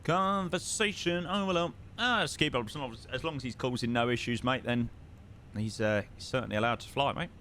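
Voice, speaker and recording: A flight sim streamer from southern England chats casually on a live stream, reading viewer messages and swearing freely. His medium-pitched voice sounds pushed and bright at a normal speed, with slight background noise.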